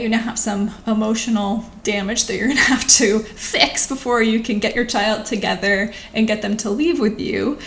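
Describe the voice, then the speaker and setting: Thoughtful woman with a gravelly edge. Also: on the high side. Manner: thoughtful, conversational, gently coaching. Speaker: physician hosting her own video channel. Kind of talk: reflective talk to camera. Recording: echoey room with faint background noise.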